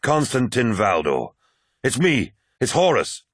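A man's voice: mid-range voice, big pitch swings, measured pace, husky, no room sound, clean studio sound. A man voicing a mighty, defiant warrior in an audiobook, raising his voice urgently. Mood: pleading. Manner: shouting urgently.

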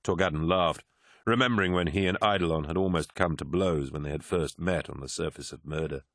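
A man narrating an audiobook in a steady, even storytelling manner. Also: sits low, fairly quick, no room sound, clean studio sound. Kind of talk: scripted narration.

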